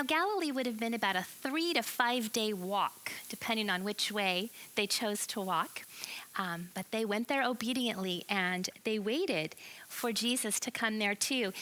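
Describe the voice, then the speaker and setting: A woman telling a Bible story to children as a church lesson, animated and expressive, asking her listeners questions. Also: medium pitch. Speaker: children's ministry teacher.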